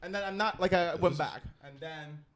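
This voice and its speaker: Man, from China, non-native English, high pitch, animated, restarts often. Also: normal speed, crowd noise. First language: Chinese. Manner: animated, profane, frequent restarts. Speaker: comedian guest. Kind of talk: casual storytelling.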